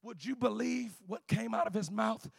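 At a moderate pace, a male preacher with a high, gravelly voice and a breathy edge preaches in a chanted, shouting rhythm, adding "uh" before each phrase. At times he drops to quiet storytelling, and the recording is dry.

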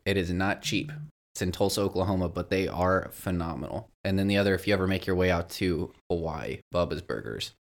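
A man's voice: deep voice, brisk. A man co-hosting a casual podcast chat, joking and giving blunt opinions. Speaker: podcast co-host.

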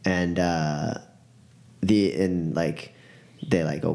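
A man narrating a tabletop game as game master, casual and halting with many fillers. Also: low voice, fairly even intonation, gravelly, a little mellow.

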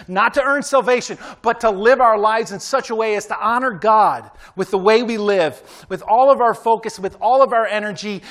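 In a high, slightly bright voice, a pastor delivers a casual, conversational sermon. He keeps asking his listeners "right?" and exhorts them emphatically.

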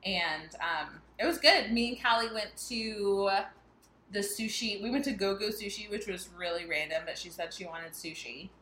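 A bright-voiced woman in her thirties chats on a podcast, telling stories and laughing often. Her voice is crisp and forward, and it carries a noticeable room echo. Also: medium pitch, moderate pace. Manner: chatty storyteller, laughs often. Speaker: podcast co-host. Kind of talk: casual chat.

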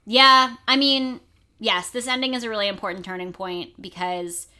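A woman co-hosting a casual book podcast, animated and sweary with mocking asides. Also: mid-range voice, unhurried, clean tone. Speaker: podcast co-host. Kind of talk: casual book discussion chat.

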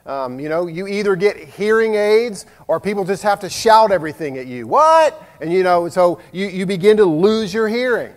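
A man's voice: high-pitched, moderate pace, few pauses. A man, preaching a sermon in a folksy, self-deprecating way with jokes. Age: 50s. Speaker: pastor. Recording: long hall reverb.

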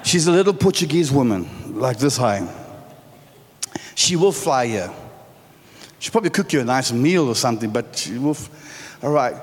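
A man's voice: medium pitch, lively intonation, moderate pace. A middle-aged man from South Africa preaching a sermon in a large church, joking and quizzing the congregation. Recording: church hall reverb with faint music.

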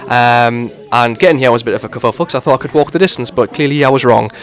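A man's voice: medium pitch, fast. A young man with a Geordie accent, hosting a podcast in a chatty, rambling way with lots of fillers. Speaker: podcast host. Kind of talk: casual podcast chat.

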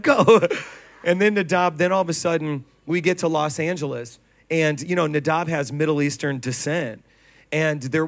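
A man's voice: on the high side, fairly bright tone. A man preaching to a congregation, telling stories with laughter and acted quotes. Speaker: pastor. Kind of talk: sermon. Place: church stage before a congregation.

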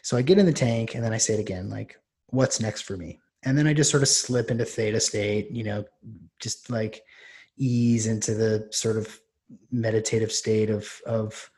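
A man's voice: fairly low pitch, fairly even intonation, normal speed, darkish tone. A man, a podcast host and coach, telling a personal story in a loose, rambling way with many restarts. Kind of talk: casual storytelling.

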